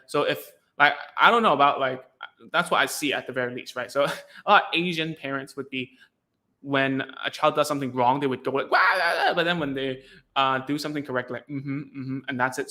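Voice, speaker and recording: A former ABA therapist turned podcast host, this young man from Hong Kong explains things in a chatty, relaxed, rambling way, using "like" between thoughts and acting out sounds and reactions. His voice is bright and forward at an ordinary middle pitch for a man.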